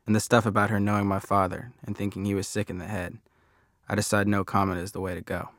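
A man with a slightly low, fairly bright voice narrates a first-person story fast and with a level tone, conversational and wry. The sound is close and dry, like a booth without room echo.

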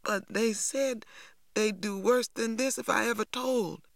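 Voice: medium pitch, unhurried, a bit bright, no echo, voice pushed up, close to an everyday voice. A reader voicing a frightened, injured teenage boy, pleading and stammering in a dry recording. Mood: hurt, scared. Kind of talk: audiobook reading.

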